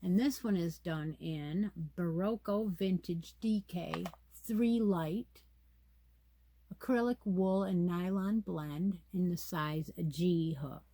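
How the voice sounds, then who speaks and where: A woman's voice: lowish voice, takes it slowly, dark tone. A woman hosting a casual yarn chat, reading pattern details aloud and musing to herself as she goes. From United States. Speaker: crochet channel host.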